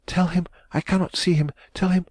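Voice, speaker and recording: A woman's voice: sits low, a little mellow, breathy edge, no room sound, voice pushed up. A man reading an audiobook, voicing a distressed, secretive young society woman who trembles and pleads. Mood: agitated. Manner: tremulous and pleading, quick to cry out.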